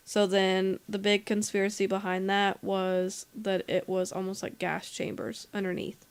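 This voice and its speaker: Female podcast co-host, smooth resonant voice, easygoing and filler-heavy. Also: medium pitch. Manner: relaxed, drawn-out telling with fillers like "like" and "um". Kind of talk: casual group podcast chat.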